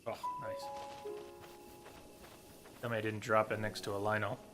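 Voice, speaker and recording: A man's voice: lowish voice, level tone, moderate pace, loud music behind the voice. A man giving chatty live commentary while streaming a game, talking to his viewers and coaxing his in-game horse. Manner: chatty, talks to chat and coaxes his horse.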